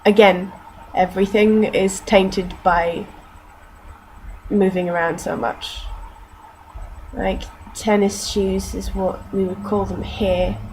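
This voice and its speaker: A woman's voice: medium pitch, fairly even intonation, takes it slowly, a little mellow, slight background noise, low-quality recording. Chatty young woman with a mixed British accent. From North Yorkshire, England. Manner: chatty and self-mocking, drops in mild swearing. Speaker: vlogger. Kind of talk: casual accent-challenge vlog, reading word lists aloud.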